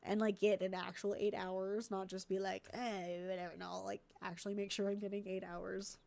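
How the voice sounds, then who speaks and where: A woman's voice: medium pitch, level tone, normal speed, vocal fry, a little mellow. A congested woman streamer chatting casually and thinking aloud while editing videos, easily distracted.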